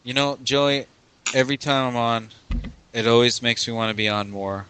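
A man's voice: medium pitch, level tone, normal speed, sharp tone, slight background noise, rough recording. A man co-hosting a casual sports podcast, enthusiastic and chatty. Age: young adult to middle-aged. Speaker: co-host.

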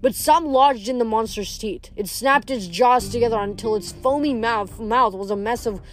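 A woman reading a novel aloud in a plain, steady way, stumbling now and then and correcting herself. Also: a little high, moderate pace. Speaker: audiobook reader.

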